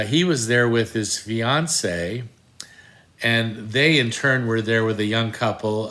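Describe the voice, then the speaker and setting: A man's voice: lowish voice, pushed and bright. Older man telling a wry story. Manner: wry, self-deprecating, many fillers and restarts. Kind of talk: casual anecdote.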